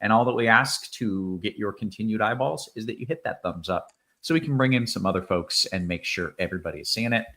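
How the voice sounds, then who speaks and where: A man's voice: on the low side, fairly quick, few pauses, fairly bright tone. A man hosting a casual fantasy sports show, reading promos and chat questions in an upbeat, easygoing way. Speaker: host.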